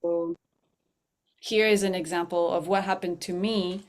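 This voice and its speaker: Middle-aged woman chatting about mindfulness, laughs a lot, lots of restarts and fillers, mid-pitched voice. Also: very animated, measured pace, creaky. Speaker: mindfulness teacher and guest. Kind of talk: conversational storytelling.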